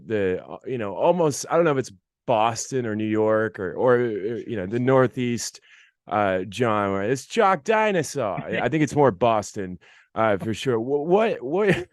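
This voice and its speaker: A male host leads a casual interview with plain enthusiasm, turning now and then to his listeners. His voice sits low and smooth. The sound is close and dry. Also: no room sound. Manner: enthusiastic, laid-back, talks to listeners directly. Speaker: radio show host.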